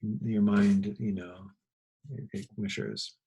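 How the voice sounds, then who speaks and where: Gravelly-voiced teacher telling a classroom story. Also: male voice, fairly low pitch, takes it slowly, slight background noise, poor audio. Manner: rambling, animated anecdotes with laughs. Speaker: high school teacher. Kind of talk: casual lecture with storytelling.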